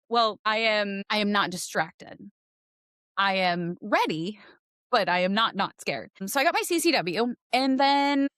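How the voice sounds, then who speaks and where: A woman in her forties telling a personal story in a casual podcast chat, animated and acting out voices as she goes. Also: mid-range voice, no echo, studio quality. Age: 40s. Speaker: podcast guest, realtor.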